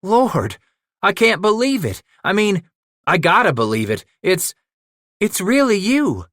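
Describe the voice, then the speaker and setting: A man's voice: sits high, wildly swooping pitch, measured pace, fairly bright tone, dry recording, clean studio sound, voice pushed up, full character voice. A man voicing an earnest young male fur trapper who speaks urgently and pleadingly in frontier dialect. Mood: astonished.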